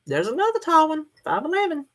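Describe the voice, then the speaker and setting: A woman's voice: high-pitched, wildly swooping pitch, quick pace. A middle-aged woman, chatting casually with her viewers and laughing often as she answers their comments. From United States. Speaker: livestream host.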